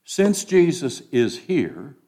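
A man preaching a sermon in an unhurried, deliberate way. His pitch rises and falls in lively swings as he acts out the voices in his story. He moves from loud cries down to near-whispers.

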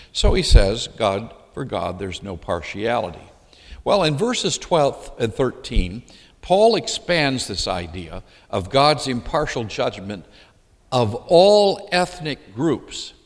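A man preaches a sermon with an animated, rising-and-falling delivery, firing questions at his congregation. His voice carries a long reverb from a large hall. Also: medium pitch. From Michigan, USA. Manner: emphatic, puts questions to the congregation.

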